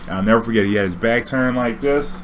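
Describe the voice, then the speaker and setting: A young man telling a story casually, profane and animated, acting out dialogue. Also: mid-range voice, fast, slight background noise.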